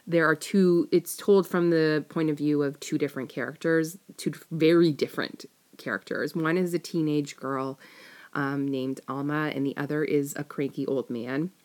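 A woman's voice: deep voice, fairly even intonation, moderate pace, a little mellow. A young woman chatting casually to camera, rambling and giggling as she answers tag questions. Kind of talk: casual chat.

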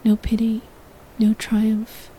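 A woman's voice: a little high, monotone, slow, warm tone, slight background noise, poor audio. A woman narrating a sensual story in the second person, in a whispered role-play.

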